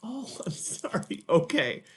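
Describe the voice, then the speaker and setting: Patient guy teaching kids with a puppet, husky voice that bounces around a lot. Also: high-pitched, sing-song, a little slow, a bit bright. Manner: patient, encouraging, clearly spoken. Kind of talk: speech lesson for children.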